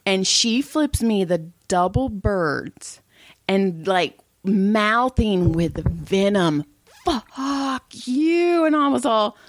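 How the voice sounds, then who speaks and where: A woman's voice: mid-range voice, animated, takes it slowly, dry recording. A middle-aged woman co-hosting a podcast, casually telling profane family stories and acting out what everyone said. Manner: blunt, profane storytelling with acted-out quotes. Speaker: podcast co-host. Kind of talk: casual chat.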